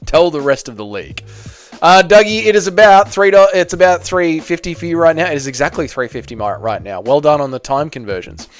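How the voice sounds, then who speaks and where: Fairly high-pitched, expressive and fairly quick, this Australian man runs a livestream where he casually reads comments from viewers and banters with them, teasing the chatters.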